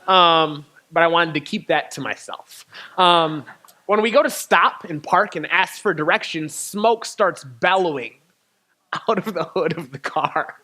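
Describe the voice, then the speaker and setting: A man, a poet, telling a candid personal story in a spoken talk, animated and laughing now and then between lines. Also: fairly high pitch, unhurried. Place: church venue.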